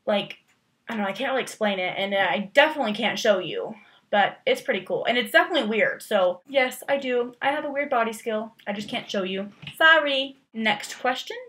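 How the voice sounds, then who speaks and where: A woman's voice: fairly high pitch, lively intonation, brisk, a bit bright. A young woman vlogging casually, rambling through tag questions with lots of fillers and playful, exaggerated emphasis.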